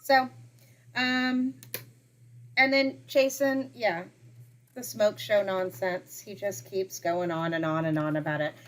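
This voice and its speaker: A woman's voice: medium pitch, steady tone, slow. Chatty woman co-host recapping a show. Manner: chatty, recapping with frequent "like" and laughs. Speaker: podcast co-host. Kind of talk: casual chat.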